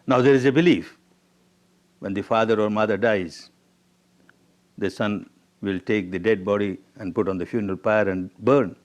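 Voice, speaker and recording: A man's voice: lowish voice, normal speed, long pauses. A man with an Indian English accent giving a meditation discourse, emphatic and repetitive, telling parables. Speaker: meditation teacher. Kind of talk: spoken dharma discourse.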